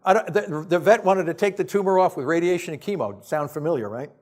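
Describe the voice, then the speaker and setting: A man's voice: on the high side, fast talker, a little mellow. A man giving a science lecture to an audience, emphatic and exasperated, firing off blunt rhetorical questions in casual, off-the-cuff phrasing.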